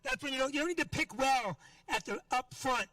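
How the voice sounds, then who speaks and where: A man's voice: very high voice, a little fast, bright, forceful tone, no room sound, distant mic. A middle-aged man doing a stand-up set, ranting in a brash, profane way at the crowd. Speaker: stand-up comedian.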